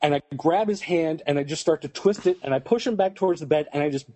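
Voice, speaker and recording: A man's voice: a little high, quick pace, dark tone, dry recording. A man on a casual podcast, telling a long rambling anecdote full of fillers. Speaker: podcast co-host. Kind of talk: casual storytelling chat.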